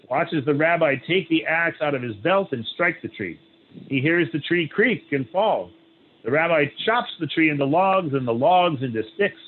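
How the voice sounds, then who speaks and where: Rabbi reading aloud over a tinny call. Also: male voice, on the high side. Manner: reads with pauses, frequent "right?" and "uh" asides. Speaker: rabbi leading a study group. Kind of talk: reading a story aloud, then opening discussion. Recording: tinny phone-like line, faint hiss.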